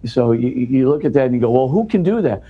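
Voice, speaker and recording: A man's voice: medium pitch, expressive, fast, slightly rough, narrow, tinny audio. A man speaking as an interview guest, explaining at length in an earnest, conversational way and often restarting his words.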